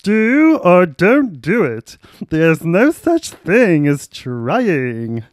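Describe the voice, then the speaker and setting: A man's voice: high-pitched, very slow, dry recording, studio quality, heavily acted. A man voicing a campy, theatrical convict who pleads showily for mercy. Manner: showy, animated pleading. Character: campy, theatrical male convict, flamboyant and kind.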